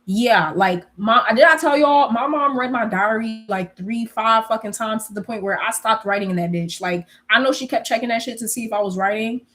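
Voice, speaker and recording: A young woman telling stories in a casual, animated way, swearing freely and laughing often. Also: on the high side, normal speed, hardly any pauses. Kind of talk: casual storytelling chat.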